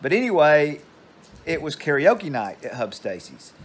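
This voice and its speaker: A man's voice: a little high, big pitch swings, measured pace, slightly rough. An older man, casually telling a meandering story at home. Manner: meandering, digressive. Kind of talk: casual rambling anecdote.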